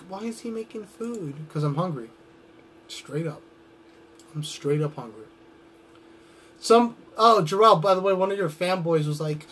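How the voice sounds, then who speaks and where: A man's voice: on the high side, a bit bright, slight background noise. A young adult man cutting a wrestling promo with boastful, trash-talking swagger.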